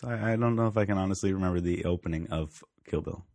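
A man's voice: low-pitched, quick pace, vocal fry, no echo, clean studio sound. A man co-hosting a podcast remotely, chatting animatedly about films with lots of fillers and easy laughter. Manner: laughs easily, animated, uses many fillers. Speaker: podcast co-host. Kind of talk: casual film chat. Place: home, remote from co-host.

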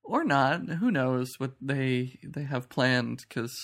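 A man co-hosting a podcast, reviewing a TV show in casual chat with measured, skeptical remarks. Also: medium pitch, expressive, fairly bright tone. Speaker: podcast co-host.

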